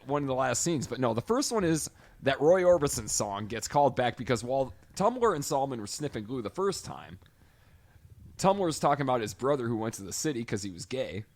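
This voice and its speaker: A young man co-hosting a podcast, chatting casually and profanely about a movie and shouting out lines from it. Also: mid-range voice, very animated, fairly quick. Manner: profane, emphatic, mimics lines loudly. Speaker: podcast co-host. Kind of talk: casual film discussion.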